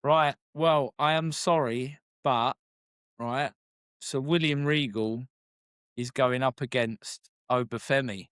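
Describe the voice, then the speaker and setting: A man co-hosting a wrestling podcast, chatting casually and briskly steering the segment along. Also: mid-range voice, steady tone, fairly bright tone, clean tone, no room sound, studio quality. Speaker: podcast co-host. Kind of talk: casual chat.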